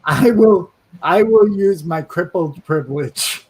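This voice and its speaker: A man's voice: sits high, slow, poor audio. A man hosting an interview chat as a therapist, easygoing and agreeable, over a video call. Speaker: therapist and show host.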